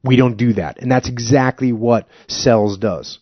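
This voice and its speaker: Husky-voiced man reading and discussing a book. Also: medium pitch, a little slow, no echo. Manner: emphatic, animated when commenting. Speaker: podcast host. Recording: slightly muffled dry recording.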